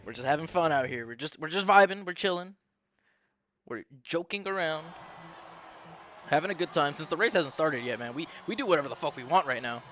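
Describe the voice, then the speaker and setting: A man's voice: on the high side, lively intonation, brisk, a bit bright, a little hiss or hum. A young man giving casual, profane, joking commentary on a sim race while bantering with his live chat.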